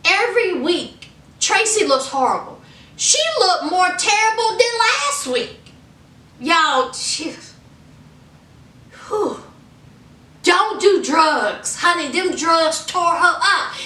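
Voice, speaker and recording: A woman's voice: very high voice, pushed and bright. A woman giving a sassy, direct reality TV recap, talking straight to her viewers and scolding the people on the show. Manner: sassy and direct, scolding with "honey", "y'all", "okay?". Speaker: reality TV reviewer. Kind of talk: casual recap vlog. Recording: echoey room, far from mic.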